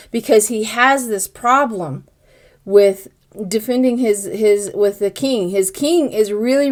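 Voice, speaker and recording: Thinking out loud as she works through each card, an older tarot reader gives her viewers a casual, chatty reading and addresses them directly. She has a medium-pitched voice with a darkish tone.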